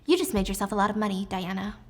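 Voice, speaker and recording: A woman's voice: mid-range voice, rapid-fire, lightly acted. A woman playing a scornful rich mother. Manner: pushy, scornful, impatient. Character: wealthy arrogant mother around forty.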